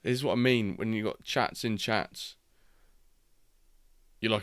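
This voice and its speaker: A man, chatting casually and reacting excitably while hosting a live football watchalong stream. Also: fairly low pitch, measured pace, smooth, no echo, studio quality. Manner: rambling, excitable reactions to match action.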